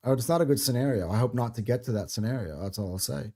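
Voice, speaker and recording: A man's voice: medium pitch, quick pace, crowd noise. A man co-hosting a casual football talk show, hesitant, with lots of ums and short laughs. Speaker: podcast co-host.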